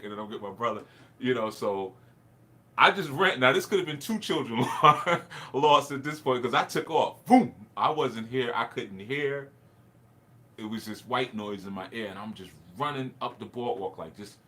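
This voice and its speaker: Low-voiced guy rambling thru a story, lots of laughs and restarts, casual teacher vibe. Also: fairly bright tone, slight background noise. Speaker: spiritual teacher.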